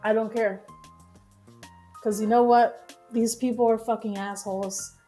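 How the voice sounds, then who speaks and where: A woman's voice: a little high, steady tone, measured pace, mellow, soft background music. A woman streamer reacting to news stories live, ranting heatedly with lots of swearing and laughter, over choppy stream audio.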